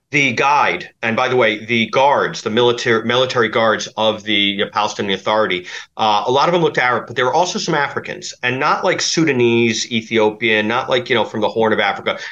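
A man's voice: mid-range voice, brisk, a bit bright, muffled recording. A man giving a rambling account in an interview as an investigative journalist, full of fillers and restarts.

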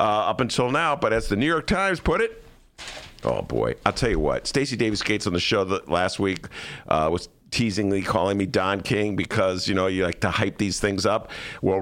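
A man hosting a casual political talk show from a studio, animated and joking, sometimes mimicking politicians. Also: deep voice. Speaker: podcast host.

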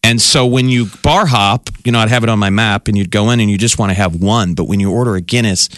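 A man's voice: lowish voice, fast, a bit bright, no echo, studio quality. A man from Nebraska, a podcast co-host, telling a chatty travel story in casual conversation. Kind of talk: casual chat.

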